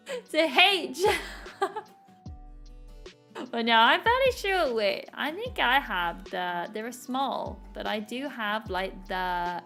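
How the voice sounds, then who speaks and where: A woman's voice: fairly high pitch, lively intonation, slow pace, pauses often, bright, forceful tone. A woman streamer chatting casually while she draws, rambling and laughing often. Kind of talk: casual chat while drawing. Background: faint background music.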